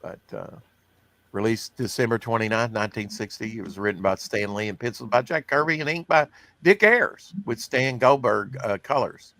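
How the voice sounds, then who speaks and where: A man's voice: on the low side, normal speed, creaky, pushed and bright, dry recording. A man hosting a comics podcast, reading news in a rambling, casual way, with lots of fillers. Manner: rambling, filler-heavy, self-deprecating. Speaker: podcast host.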